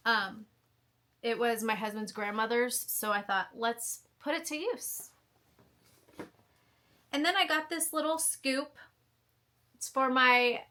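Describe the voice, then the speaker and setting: A woman's voice: fairly high pitch, pushed and bright. A woman in her fifties chatting casually to the camera as she shows off her shopping haul, gushing over each item. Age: 50s. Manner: gushing, enthusiastic. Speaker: vlogger showing a shopping haul. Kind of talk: casual show-and-tell chat.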